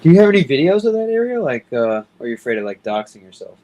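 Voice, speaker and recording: A man's voice: on the high side, sing-song, fast talker, warm tone, dry recording. A young man hosting a casual livestream chat, rambling, swearing often and getting easily irritated. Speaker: livestream host.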